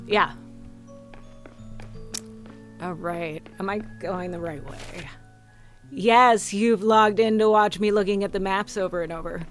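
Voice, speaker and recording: A woman streamer giving casual gameplay commentary, chatting and reading game dialogue aloud. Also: medium pitch.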